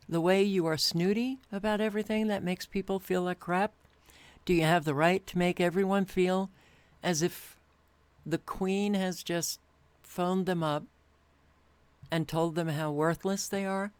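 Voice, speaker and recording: A weary woman host talking alone to camera at her home computer, sighing often and speaking with deliberate care. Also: lowish voice, a little mellow, clean tone, no room sound. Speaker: channel host. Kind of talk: casual monologue to camera.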